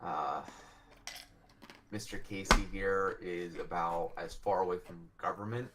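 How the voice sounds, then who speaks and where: Deep-voiced man playing his character. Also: a little slow, heavy background noise. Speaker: player. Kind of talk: in-character tabletop role-play.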